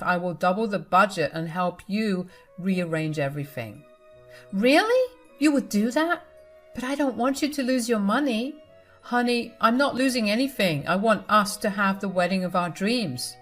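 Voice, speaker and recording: A woman voicing a loving, generous young man, her fiancé, who speaks gently and reassuringly. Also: mid-range voice, lively intonation, moderate pace, soft background music, natural voice.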